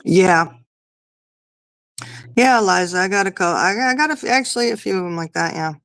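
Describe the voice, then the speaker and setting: A woman's voice: medium pitch, lively intonation, moderate pace, creaky, a bit bright, no room sound. A woman in her fifties chatting casually, telling rambling stories about her kids. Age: 50s. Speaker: podcast guest or co-host. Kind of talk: casual chat.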